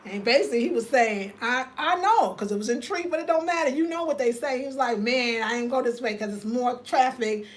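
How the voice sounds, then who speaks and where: Animated older woman telling a story. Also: fairly high pitch, brisk, few pauses. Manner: animated, profane, acts out other people. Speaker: vlogger. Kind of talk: casual storytelling.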